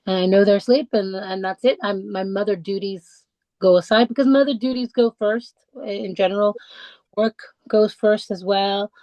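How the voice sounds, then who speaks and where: A woman speaking as a podcast guest, telling her own story with plenty of restarts and pauses. Her voice sits at a middle pitch. The recording is close and dry, with no room echo. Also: fairly even intonation, a little mellow. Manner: halting, many restarts and fillers, heartfelt. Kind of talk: personal conversational storytelling. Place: lives in the English countryside.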